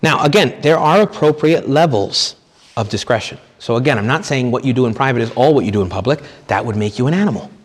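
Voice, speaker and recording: A man's voice: medium pitch, animated, fast, long reverb tail. A man giving a retreat talk as a priest, in a conversational, joking way, acting out quoted people. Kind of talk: retreat sermon.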